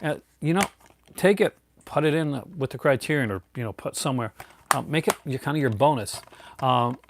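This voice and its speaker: A man's voice: medium pitch, a little fast, background noise. A middle-aged man hosting a casual live chat, rambling with many fillers and restarts and chuckling often. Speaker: host.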